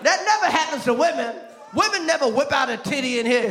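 Loud, high-voiced comedian on a stage. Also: male voice, animated, fast talker. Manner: loud, profane, punchy delivery. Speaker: stand-up comedian. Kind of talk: stand-up comedy set. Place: large theater stage with live audience. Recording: echoey live venue, crowd noise.

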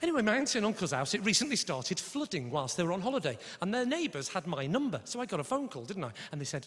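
A man's voice: sits high, big pitch swings, quick pace, a bit bright. A male stand-up comedian on a club stage, telling a story to the audience in a brash, swearing, conversational way. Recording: live hall recording with reverb.

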